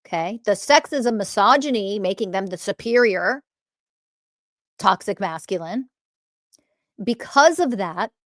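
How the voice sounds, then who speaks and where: A woman's voice: mid-range voice, no room sound. Emphatic woman podcast host, dry sound. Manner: animated storytelling with emphatic swearing. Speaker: podcast host and spiritual teacher. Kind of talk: solo podcast monologue.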